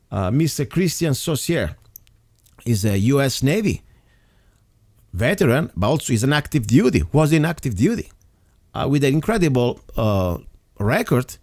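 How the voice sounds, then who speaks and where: A man hosting an interview show, speaking earnestly and haltingly, with frequent restarts and fillers. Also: medium pitch, darkish tone, no echo, studio quality. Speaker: interview host. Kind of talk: opinionated talk show monologue.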